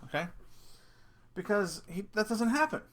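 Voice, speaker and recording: A man's voice: high-pitched, very animated, normal speed, fairly bright tone. A middle-aged man vlogging a casual rant, telling a story with swearing and laughing at himself.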